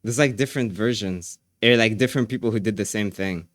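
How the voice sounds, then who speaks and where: A man livestreaming, chatting casually with his viewers, excitable and repeating phrases as he laughs often. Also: fairly low pitch, fairly quick, dry recording, clean studio sound.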